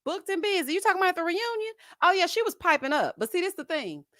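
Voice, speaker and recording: A woman's voice: extremely high pitch, fast, no echo. Gossipy woman streamer, dry mic. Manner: gossipy, animated, laughs often, uses Southern US slang. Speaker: host of a live chat stream. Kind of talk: casual chat reading viewer comments.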